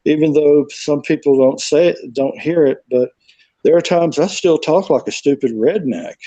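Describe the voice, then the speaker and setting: A man's voice: on the high side, moderate pace, warm tone, no echo, dull audio. A man with a Southern US accent, telling his story in a rambling, casual way on a remote call. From South Carolina, USA. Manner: rambling storyteller, acts out quoted voices. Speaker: guest. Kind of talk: casual conversation.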